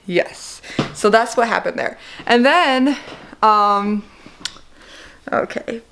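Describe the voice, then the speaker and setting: A woman's voice: fairly high pitch, expressive, slow pace, vocal fry, pauses often, fairly bright tone. Emotional young woman close to tears. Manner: emotional, near tears, laughing through it. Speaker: vlogger. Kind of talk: emotional personal vlog update.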